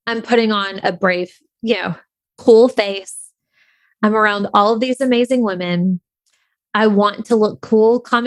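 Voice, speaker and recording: A woman's voice: medium pitch, dry recording. A woman telling a personal story in a casual, candid way, full of "like" and "you know.". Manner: chatty and candid, heavy on fillers like "like". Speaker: online creator.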